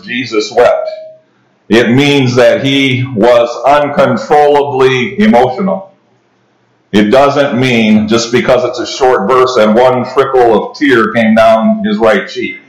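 A man's voice: medium pitch, steady tone, a little slow. A man preaching an expository sermon, reading scripture and explaining it in a conversational way, with restarts and asides to the congregation. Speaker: pastor. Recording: roomy echo.

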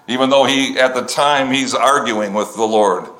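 A man's voice: medium pitch, moderate pace, a bit bright. A man preaching a sermon, reading scripture at length and breaking off into conversational asides. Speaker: pastor.

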